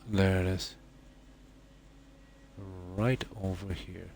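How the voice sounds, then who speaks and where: Male streamer, very low voice, unhurried rambling play-by-play with ums. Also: fairly even intonation, faint music behind. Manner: musing, trailing off with ums. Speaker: game streamer. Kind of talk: casual gameplay commentary.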